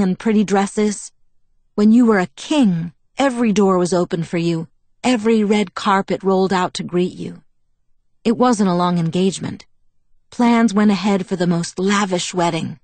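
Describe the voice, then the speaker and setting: A woman's voice: medium pitch, darkish tone, no echo, close to an everyday voice. A woman voicing a proud, bitter young woman vampire who tells her past in a wistful, self-mocking way, in an audiobook. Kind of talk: audiobook character reading.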